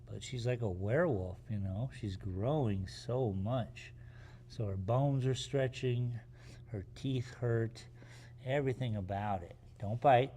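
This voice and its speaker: Slow, soothing man talking to his puppy. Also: medium pitch, slight background noise. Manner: soft, soothing talk to a puppy, hushing and praising. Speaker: artist streaming live. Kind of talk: casual live-stream chat. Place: art gallery workspace.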